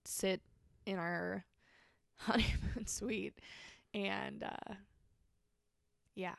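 A young woman recounts her own story as an interview guest, speaking in a heavily gravelly, fry-laden voice. Her pitch sits in an ordinary middle range, and the sound is close and dry with no room around it. She is candid and chatty, with lots of casual fillers. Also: steady tone, drawn-out words, dry recording. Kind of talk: personal testimony in a podcast interview.

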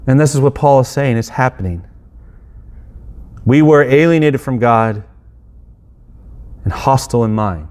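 A middle-aged man preaches to his church in an easy, conversational way, breaking off into quick acted asides and restarting his sentences. His voice sits at an ordinary pitch for a man, neither high nor low. He jokes at his own expense between earnest points. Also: expressive, a little mellow. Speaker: pastor. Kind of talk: sermon.

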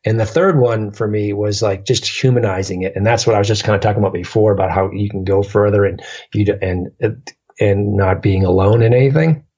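A man's voice: lowish voice, fairly quick, a little mellow, breathy edge, muffled recording. A man telling long stories in casual chat as a podcast guest, rambling with many fillers and restarts.

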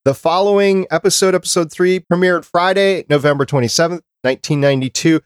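A man's voice: on the high side, fairly even intonation, brisk, clear, resonant tone, no room sound, studio quality. A man hosting a podcast in casual chat, reading out dates and lists in a talkative way. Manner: chatty, reads out dates and lists. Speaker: podcast host.

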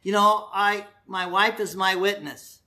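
A man's voice: sits high, fairly even intonation, a little slow, pushed and bright. A man preaching a sermon as pastor in a church, earnest and direct, often putting rhetorical questions to the congregation.

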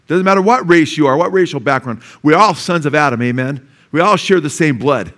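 Male pastor with a higher voice, animated, conversational sermon delivery. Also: fairly quick. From USA. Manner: animated preaching, frequent "amen?" to the congregation, acts out the lepers' shouts.

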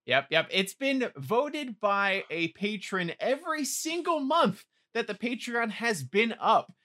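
A man's voice: high voice, sing-song, slow pace, pushed and bright. A man co-hosting a podcast, rambling in casual chat with crude jokes and lots of filler words. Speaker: podcast co-host.

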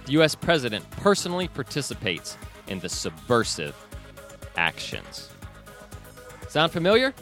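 A man's voice: medium pitch, wildly swooping pitch, normal speed, pauses often, fairly bright tone, faint music behind. A man hosting a news commentary podcast, reading book passages aloud with his own asides. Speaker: podcast host.

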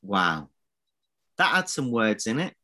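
A man's voice: lowish voice, sing-song, slow, sharp tone. A man co-hosting a podcast, bantering casually with a playful, teasing manner. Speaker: podcast co-host.

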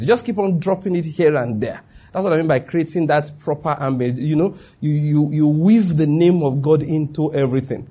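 Male preacher, somewhat high, husky and mellow, chatty teaching tone. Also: expressive, normal speed. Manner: chatty, full of rhetorical questions and asides. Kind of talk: conversational sermon teaching.

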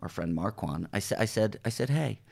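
A middle-aged man from New Jersey, a TV showrunner, telling animated stories in a podcast interview and acting out what people said. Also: low voice, fairly quick, gravelly. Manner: animated anecdotes, acts out quoted voices, swears casually. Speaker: TV writer and showrunner, podcast guest. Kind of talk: casual storytelling interview.

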